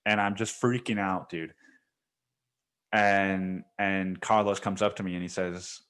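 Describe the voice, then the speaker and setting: A man's voice: deep voice, steady tone, a little slow, a bit bright, smooth. A man hosting a solo podcast, recounting a dream in a casual, profane storytelling manner. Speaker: podcast host.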